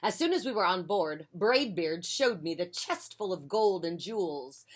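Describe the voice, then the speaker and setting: A woman reading a children's picture book aloud on a porch, with a gentle, friendly delivery. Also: lowish voice, expressive, a little slow, hardly any pauses. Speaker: children's storyteller.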